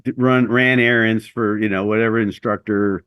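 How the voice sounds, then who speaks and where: A man's voice: on the low side, steady tone, moderate pace, a bit bright, clear, resonant tone, no room sound. A middle-aged man, a former Navy SEAL, telling stories in a casual interview, with rambling speech full of fillers and restarts.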